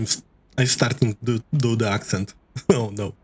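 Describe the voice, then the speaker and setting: A man streaming a game live, chatting to his viewers in a rambling, halting way. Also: medium pitch, steady tone, slight background noise.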